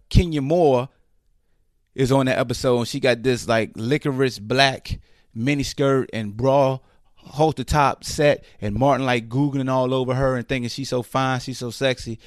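A man hosting a podcast, ranting in casual slang with incredulous, mocking asides and quick put-on quotes. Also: medium pitch, no echo, clean studio sound. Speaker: podcast host. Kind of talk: casual commentary rant.

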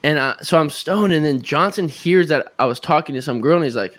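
A man's voice: mid-range voice, brisk, no echo. Laid-back young man telling a wild story. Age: 20s. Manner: animated storyteller, acts out his own reactions. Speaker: guest musician. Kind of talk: casual chat, storytelling.

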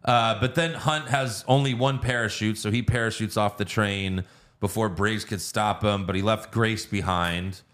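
Dude recapping a movie on a podcast, loose and sweary, fillers everywhere. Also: male voice, on the low side, steady tone, normal speed, a bit bright. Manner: recaps plot with profanity and filler uhs. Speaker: podcast co-host. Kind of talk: casual movie review chat.

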